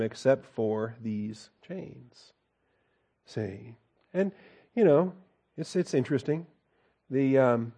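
A man's voice: fairly high pitch, mellow, lo-fi sound. A man teaching a Bible study in a folksy, conversational way, reading scripture aloud and breaking off to comment with a chuckle.

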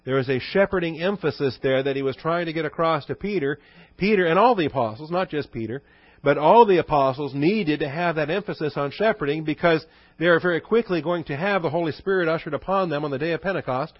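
A man preaching an expository sermon to his congregation, teaching conversationally and reading scripture quotes slowly and low. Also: no room sound. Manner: conversational teaching with rhetorical questions. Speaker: pastor. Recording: dull dry recording.

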